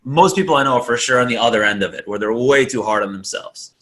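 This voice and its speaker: A man with a bright, forceful voice chats on a comedy podcast. He tells stories animatedly, swearing and laughing as he goes. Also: medium pitch, fast. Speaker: podcast co-host. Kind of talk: casual comedy podcast banter.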